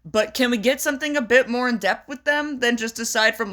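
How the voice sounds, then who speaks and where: A woman's voice: on the high side, a bit bright. A young woman co-hosting a casual podcast, talking in emphatic, profane bursts. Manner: emphatic, profane, rapid rants. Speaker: podcast co-host. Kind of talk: casual chat about wrestling.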